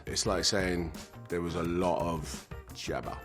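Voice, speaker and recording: A relaxed British man with a fairly low voice talks through slang words to camera. He takes his time, chuckles now and then and fills pauses with ums. There is a faint bed of music under him. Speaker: slang explainer in a video clip. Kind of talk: casual explanatory chat to camera.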